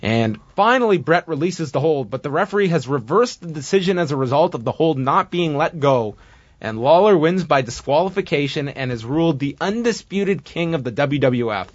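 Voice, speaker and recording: A man with a slightly higher voice talks through a recap in loose, casual podcast chat. He gets animated when he acts things out. The sound is dull and dry, with a lo-fi edge. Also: moderate pace, dry recording. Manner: chatty recapping, animated when acting out moments. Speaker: podcast co-host recapping wrestling.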